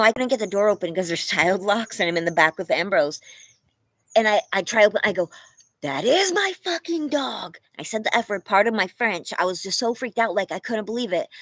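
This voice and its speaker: A young woman from California chatting casually on a livestream from her home, animated and laughing often as she thanks viewers by name. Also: mid-range voice, dry recording, low-quality recording. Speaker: livestream host.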